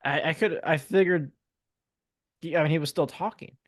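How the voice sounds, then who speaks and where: A man's voice: fairly high pitch, normal speed, no echo. Joking man, dry close sound. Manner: relaxed and joking, swears casually. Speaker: podcast co-host. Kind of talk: casual book discussion.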